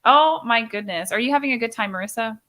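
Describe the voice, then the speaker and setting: A young woman hosts a casual live stream, speaking in a bright, fairly high voice. She talks emphatically and with strong opinions, often acting out quick quoted exchanges. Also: animated.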